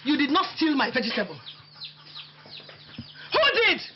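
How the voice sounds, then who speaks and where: A woman's voice: sits high, sing-song, moderate pace, heavy background noise. An actress playing a quarrelsome, hot-tempered woman neighbour with a Nigerian accent, who hurls mocking accusations and threats. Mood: scolding. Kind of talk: film drama acting. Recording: dull lo-fi film sound with music.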